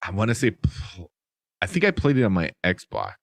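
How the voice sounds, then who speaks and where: A man chats about films as a podcast host, his voice sitting on the low side. He rambles with lots of fillers and plenty of enthusiasm. The sound is dry and close, with no room around it. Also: huge pitch swings, normal speed, gravelly, no echo. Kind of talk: casual movie review chat.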